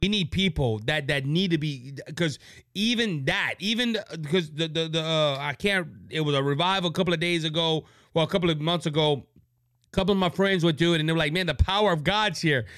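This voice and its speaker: A man's voice: fairly high pitch, fairly quick, fairly bright tone, no room sound, clean studio sound. A man from Louisiana hosting his own podcast, speaking into a microphone in a fervent, preachy way and repeating words when worked up. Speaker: podcast host. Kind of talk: impassioned political podcast monologue. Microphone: studio microphone.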